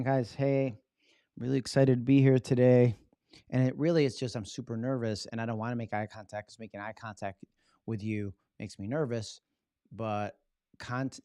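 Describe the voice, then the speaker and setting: Energetic man coaching on a live stream. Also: medium pitch, no room sound, clean studio sound. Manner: energetic, keeps checking in with "right?". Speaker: public speaking coach hosting a live stream. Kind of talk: casual live-stream teaching.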